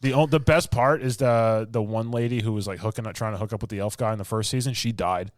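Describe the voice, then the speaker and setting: A man's voice: lowish voice, fast, no room sound, studio quality. A man co-hosting a podcast, ranting in casual chat with mocking mimicry and blunt complaints. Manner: ranting, exasperated, mocking quotes. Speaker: podcast co-host.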